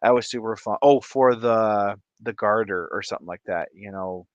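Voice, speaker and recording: A man's voice: fairly low pitch, moderate pace, no echo, muffled recording. A man vlogging who tells a rambling, casual story and laughs often mid-sentence. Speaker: fish-keeping vlogger.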